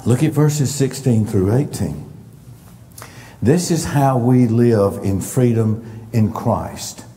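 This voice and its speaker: A male pastor delivers a sermon in an unhurried, emphatic cadence, stressing single words for weight. His voice is mellow and warm. It rings out with the long reverb of a church sanctuary. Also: medium pitch, slight background noise.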